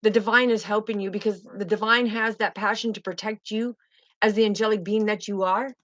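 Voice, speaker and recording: A woman's voice: mid-range voice, fairly even intonation, brisk, no room sound, low-quality recording. A woman giving a spiritual tarot reading in a fervent, emotive way, often repeating herself. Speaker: tarot reader.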